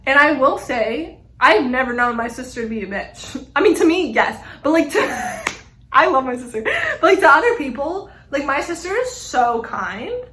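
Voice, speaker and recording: Chatty high-voiced young woman vlogger. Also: sing-song, moderate pace, fairly bright tone. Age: young adult. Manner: rambling, frequent fillers, frank. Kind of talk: casual chat to camera. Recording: echoey room.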